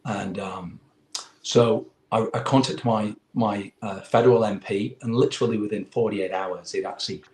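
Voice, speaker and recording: A man in his forties from England with an English accent, a guest in an interview, telling a long story in a rambling, animated way. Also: fairly low pitch, moderate pace, reverberant. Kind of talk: casual chat.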